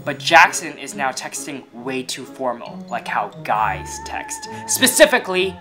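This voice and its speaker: Excitable man reacting out loud. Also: mid-range voice, unhurried, over music. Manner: excitable, exclaiming, teasing. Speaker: reaction video host. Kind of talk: reaction commentary.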